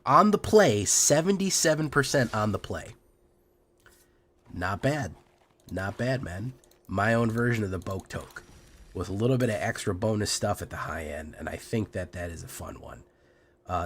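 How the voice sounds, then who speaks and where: A man streaming and commenting casually on his gameplay, hoarse from being sick, relaxed and joking, with asides he mumbles under his breath. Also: lowish voice. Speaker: game streamer.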